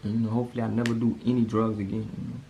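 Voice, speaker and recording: A man, telling a personal story to camera in a casual, animated way that leaps up in pitch when he acts out panic. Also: rapid-fire, noisy background. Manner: animated, jumps high when acting out panic.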